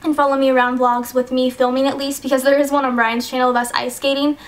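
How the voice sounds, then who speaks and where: High-voiced teenage girl, rambling vlog. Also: level tone, fast talker. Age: teens. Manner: rambling, hesitant, many ums and likes. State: choked up, sniffly. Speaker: YouTuber. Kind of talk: casual vlog talk.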